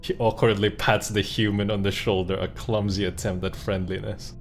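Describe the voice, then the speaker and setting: A male streamer reacts to a game with excitable, profane commentary. He reads its text aloud in a fairly low voice. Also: moderate pace, soft background music. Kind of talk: let's-play commentary.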